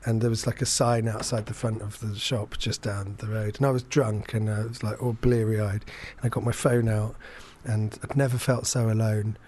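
A young adult man from England telling a long, self-deprecating anecdote in casual chat, halting often with fillers and restarts. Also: on the low side, level tone, a little mellow. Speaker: podcast guest storyteller.

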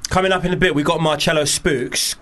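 A man's voice: fairly high pitch, fairly even intonation, normal speed, a bit bright. A man, co-hosting a radio show in casual, joking banter that often trails off. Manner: jokey, laughs often, trails off mid-sentence.

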